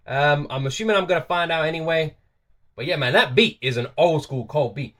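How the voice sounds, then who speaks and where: Man, reaction host, casual, enthusiastic, bright forceful voice, rapid speech. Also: a little high. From United Kingdom. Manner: enthusiastic, talks to viewers, repeats himself.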